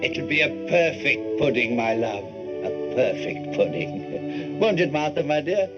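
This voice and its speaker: A man's voice: mid-range voice, animated, measured pace, natural voice. An actor playing a cheerful, doting family father who toasts his family in an old film. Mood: jolly. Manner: jovial, toasting the family warmly. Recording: dull old film soundtrack with music.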